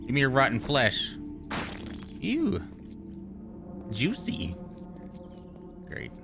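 A man giving casual gameplay commentary, excitable and profane, joking with the characters he meets. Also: mid-range voice, extremely slow, creaky, music in the background. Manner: excitable, profane, jokey, talks to game characters. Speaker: gamer streamer. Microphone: studio microphone.

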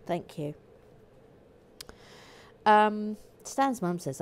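A woman's voice: medium pitch, lively intonation, unhurried, darkish tone. Chatty, jokey woman, stream host reading out viewer comments mid-build. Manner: chatty, jokey, self-interrupting. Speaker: livestream host building a brick set. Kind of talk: casual chat while reading viewer comments.

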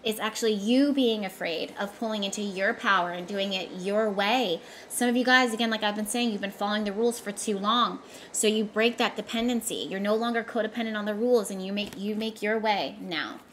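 Woman, tarot reader, casual talk to camera, emphatic, repeats phrases, mid-range pitch. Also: steady tone, a little fast, few pauses, a little hiss or hum. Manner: emphatic, repetitive, talks straight to viewers.

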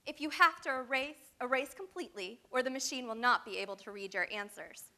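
A woman's voice: fairly high pitch, fairly quick, sharp tone. A woman reading aloud and voicing a gleeful female sphinx monster who acts like a cheery test proctor, in a sing-song quizmaster tone.

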